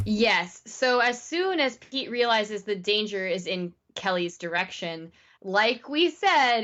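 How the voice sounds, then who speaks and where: A woman co-hosting a podcast, recapping a TV episode in a casual, animated way with lots of fillers. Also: a little high, muffled recording. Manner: animated retelling, many "like" fillers. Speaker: podcast co-host.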